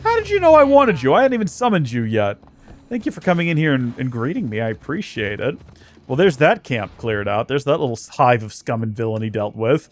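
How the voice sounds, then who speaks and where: A man's voice: mid-range voice, very animated, a little fast. A man hosting a let's play, giving chatty, joking gameplay commentary with self-mocking asides.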